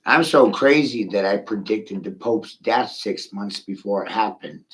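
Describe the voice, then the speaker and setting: A man's voice: fairly low pitch, animated, measured pace, low-quality recording. A middle-aged man ranting profanely in a rambling livestream monologue, speaking straight to a viewer.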